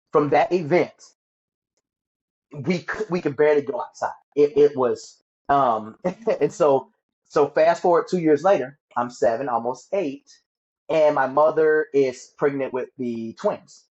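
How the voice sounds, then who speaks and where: Male guest, higher-pitched, stammering storyteller who voices the people he quotes, muffled recording. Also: darkish tone. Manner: halting, repeats words, acts out quoted voices. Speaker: guest sharing his story. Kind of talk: emotional personal storytelling.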